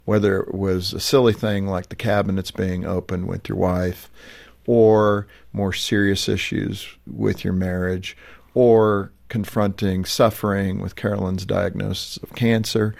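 Un homme qui anime l'entretien et pose des questions réfléchies à son invité. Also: male voice, lowish voice, vocal fry. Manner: thoughtful, probing questions. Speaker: host. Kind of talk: interview hosting.

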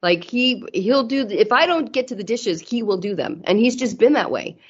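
A woman's voice: a little high, animated, moderate pace, breathy edge, dull audio. A woman in casual conversation about marriage, chatty and acting out remembered dialogue with her husband. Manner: chatty, acts out quoted dialogue.

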